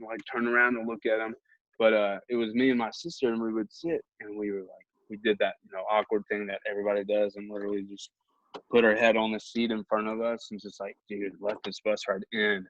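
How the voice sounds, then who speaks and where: A man's voice: mid-range voice, no room sound. A young man who hosts a podcast, casually telling a rambling, humorous anecdote at his own expense. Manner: rambling, humorous and self-mocking. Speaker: podcast host. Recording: dull lo-fi recording.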